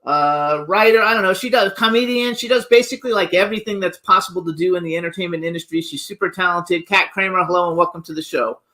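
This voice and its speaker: A man's voice: sits high, fast, hardly any pauses, bright, forceful tone. A male talk show host introducing a guest in a gushing, rambling way with plenty of fillers. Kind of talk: casual chat.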